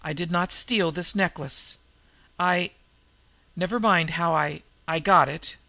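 A man voicing a cool, defiant young woman thief in a storybook reading, steady and composed. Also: on the high side, takes it slowly, vocal fry, dry recording, full character voice.

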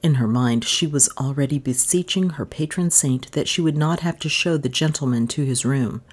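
A woman's voice: very deep voice, normal speed, darkish tone, breathy edge. A woman reading a mystery novel aloud as an audiobook narrator, telling the story expressively. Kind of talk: scripted narration.

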